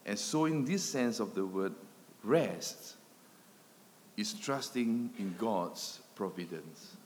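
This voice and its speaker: A man delivers a sermon at a slow, deliberate pace, building phrases with repetition and letting his voice swell, then fall away to near quiet. His voice rings out with a long hall reverb around it, as in a church. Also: lowish voice, animated, slight background noise. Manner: dramatic swells and drops in loudness, emphatic repetition. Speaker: preacher.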